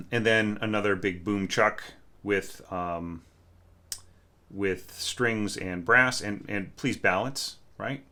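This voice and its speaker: Deep, bright-toned man critiquing a score. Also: takes it slowly. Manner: candid and conversational, sings passages, many fillers. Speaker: orchestration teacher. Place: home room with a snoring cat.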